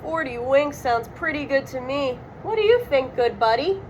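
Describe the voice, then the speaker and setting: Here is a jittery storybook cartoon guy who lives for his next meal, voiced by a woman reading to children. His voice sits high and bursts into loud yelps. The exclamations come in a rush. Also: moderate pace, slight background noise. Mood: easygoing. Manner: excitable, yelping exclamations. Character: jittery, always-hungry young cartoon man. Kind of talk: children's storybook read-aloud.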